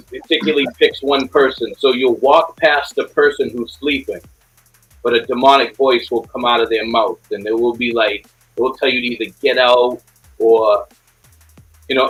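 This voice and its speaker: Middle-aged podcast host, husky, stumbles and repeats himself, faint music behind. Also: male voice, medium pitch, fairly bright tone, low-quality recording. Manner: halting, repeats words, earnest. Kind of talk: casual podcast chat.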